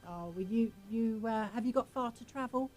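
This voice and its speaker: A woman's voice: fairly high pitch, moderate pace, a little mellow, soft background music. A woman with an English accent, a guest judge in a radio studio, who chats politely with callers and laughs easily. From England.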